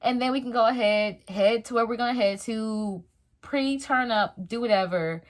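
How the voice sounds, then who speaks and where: A young adult woman telling a story in a casual storytime vlog, slangy and animated, acting out the voices of the people in it. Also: fairly high pitch, normal speed. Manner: animated, slangy, dramatic retelling. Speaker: vlogger.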